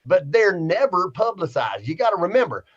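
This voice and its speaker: A man's voice: sits high, big pitch swings, normal speed, lo-fi sound. A man reading out a viewer comment in a put-on Southern accent, voicing a preachy woman who lectures and scolds. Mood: lecturing. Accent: American Southern.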